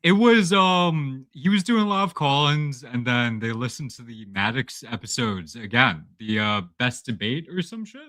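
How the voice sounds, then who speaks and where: A man's voice: medium pitch, lively intonation, moderate pace, few pauses, pushed and bright, no room sound, studio quality. A man calling in to a podcast, chatting in a laid-back, blunt way with fillers. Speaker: caller. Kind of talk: casual call-in chat.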